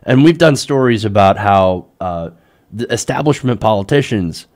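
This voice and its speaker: A man hosting a live political commentary show, ranting in an exasperated, animated way and mocking others in quoted voices. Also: on the low side, moderate pace. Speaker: host.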